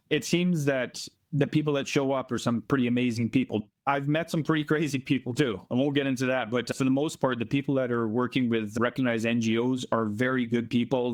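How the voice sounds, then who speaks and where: A man from Canada, a volunteer being interviewed remotely, telling earnest stories in a plainspoken, emphatic way and slowing down to stress points. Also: medium pitch, fairly even intonation. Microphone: remote call from abroad.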